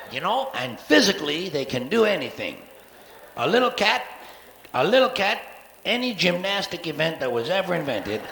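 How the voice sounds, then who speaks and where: A man's voice: a little high, vocal fry, a bit bright, roomy sound, slight background noise. A man in his forties doing a profane, sarcastic stand-up routine on a live theater stage, recorded from the soundboard. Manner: profane, sarcastic, acts out cat voices. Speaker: stand-up comedian.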